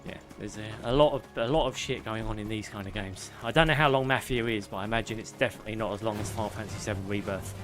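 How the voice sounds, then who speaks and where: A man's voice: fairly low pitch, fast, hardly any pauses, over music. A man with a British accent giving casual live commentary over a game, chatting with viewers and swearing freely. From United Kingdom. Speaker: game streamer.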